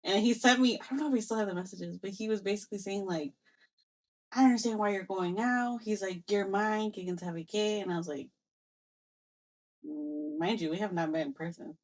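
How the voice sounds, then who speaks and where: A young woman co-hosting a podcast, telling a personal story in a casual, animated way and acting out both sides of past conversations. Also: mid-range voice, a little fast. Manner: animated storyteller, acts out quoted exchanges, mixes in Spanish phrases. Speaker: podcast co-host.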